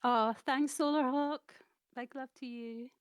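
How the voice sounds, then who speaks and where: A woman's voice: sits high, fairly even intonation, measured pace, clean tone, no echo, studio quality. A woman from Chatham with a Kent accent, chatting on a stream as a guest, giggly and a little self-conscious. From Chatham, England. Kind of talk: casual chat.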